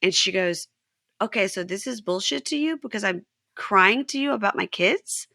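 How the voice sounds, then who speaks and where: A woman's voice: medium pitch, expressive, moderate pace, creaky, bright, forceful tone, no echo, clean studio sound. A woman hosting a podcast, recapping a show in casual chat and retelling the dialogue with animation. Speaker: podcast host.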